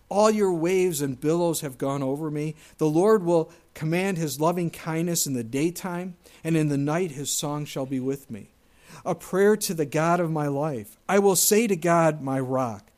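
A male pastor delivering a sermon in a high-pitched voice. He talks to the congregation in an earnest, conversational way, swinging between loud and hushed passages as he reads scripture. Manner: earnest, conversational preaching with wide swings in loudness.

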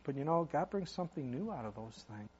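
A man's voice: a little high, big pitch swings, quick pace, a little mellow, breathy edge, muffled recording. A man preaching a sermon as pastor, talking in an earnest, conversational way with many fillers.

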